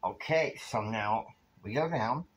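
A man tells a long, casual story at an unhurried pace, his pitch rising and falling freely. He meanders from scene to scene and fills pauses with filler words. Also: lively intonation, low-quality recording. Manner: meandering, with fillers and time stamps.

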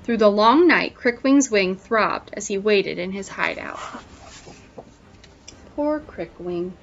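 A woman teacher reading a picture book aloud to children in an expressive storytelling way, pausing to ask them questions, on a dull lo-fi recording. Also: mid-range voice, a little hiss or hum.

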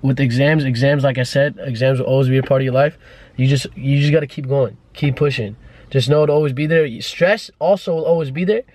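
A man's voice: mid-range voice, fairly even intonation, a little fast, darkish tone, no echo. A young man vlogging from inside a car, giving a playful, teasing pep talk with frequent laughs. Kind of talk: casual chat.

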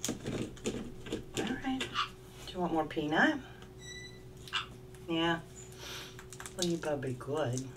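Low-voiced woman cooing to her parrot. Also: slow, long pauses. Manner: coos and baby-talks to her bird. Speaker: craft vlogger. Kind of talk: casual chat to pet parrot and viewers. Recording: distant mic with clear background noise.

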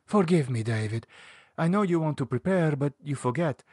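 A calm, practical woman nurse who speaks with gentle, polite persuasion, as a male reader puts her on. Her voice is pitched well above the reader's own, and it comes across close and dry in a storybook horror scene. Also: normal speed, slightly rough, no echo. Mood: persuasive.

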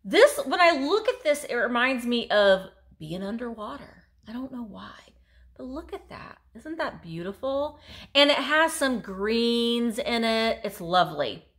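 A woman's voice: a little high, big pitch swings, measured pace, a bit bright. A woman reselling vintage, showing off her finds in a chatty, gushing haul video. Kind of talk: casual show-and-tell haul video.

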